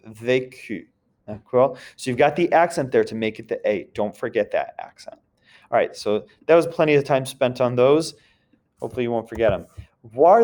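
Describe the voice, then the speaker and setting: A man at mid pitch teaches a French grammar lesson. He walks through the points one at a time and keeps checking that the students follow along. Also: a little mellow. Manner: explains step by step with a repeated check-in question. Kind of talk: recorded classroom grammar lesson.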